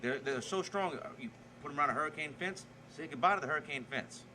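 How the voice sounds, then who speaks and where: A man's voice: on the high side, fast, sharp tone, a little hiss or hum, low-quality recording. A man with a Cajun Louisiana accent, talking as a podcast guest in a folksy, joking way, often repeating words as he starts sentences. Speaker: chef and guest. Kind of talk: casual podcast chat.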